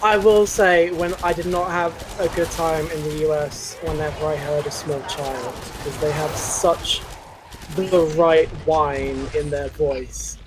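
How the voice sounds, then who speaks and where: A man's voice: fairly high pitch, fairly even intonation, measured pace, a loud crowd. A man chatting over a voice call on a gaming stream, rambling and easily sidetracked. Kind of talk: casual gaming stream chat.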